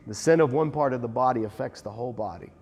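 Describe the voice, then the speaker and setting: A man leads a Bible lesson in an animated, emphatic teaching voice of ordinary pitch. He talks conversationally and pokes fun at himself along the way. His voice rings out in a room with a long reverb tail. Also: fast, husky. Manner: animated and emphatic, with self-deprecating asides.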